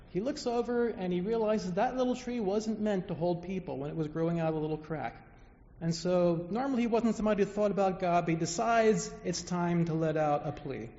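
A man preaching a sermon, telling stories emphatically and letting phrases fall soft at the end, then leading a prayer. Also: high voice. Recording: echoey hall, dull lo-fi sound.

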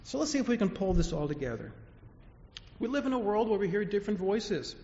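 A man preaching a sermon, telling stories emphatically and letting phrases fall soft at the end, then leading a prayer. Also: sits high, very animated, fairly quick, creaky. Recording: echoey hall, dull lo-fi sound.

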